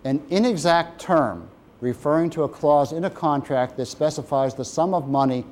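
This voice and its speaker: A man's voice: a little high, a little mellow. A man teaching a procurement course, reading out definitions and asking the class questions. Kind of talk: classroom lecture.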